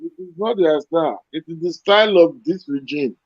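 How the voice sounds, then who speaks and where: A man's voice: on the high side, a little fast, no room sound. A man on a talk show panel, firmly contradicting another speaker over a dull remote line. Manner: firm, contradicting.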